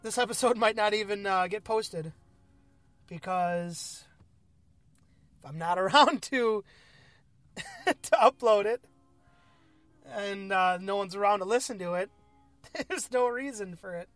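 A man's voice: sits high, slow pace, long pauses, fairly bright tone, no room sound. A man hosting a podcast, rambling and swearing in a self-deprecating monologue while driving his car. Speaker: podcast host.

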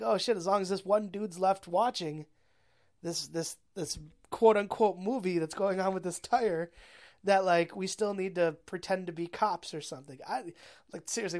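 A young woman tells a film's story in a loose, rambling way, swearing freely and packing her talk with fillers. Her voice sits at an ordinary middle pitch. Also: a little mellow. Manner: rambling, profane, laughing often, many fillers. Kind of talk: casual movie recap.

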